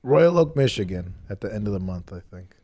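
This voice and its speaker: A man's voice: lowish voice, expressive, a little fast, warm tone. A man with a Chicago accent, a comedian guest on a podcast, talking loosely and mocking himself. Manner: loose, joking, self-mocking. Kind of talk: casual chat.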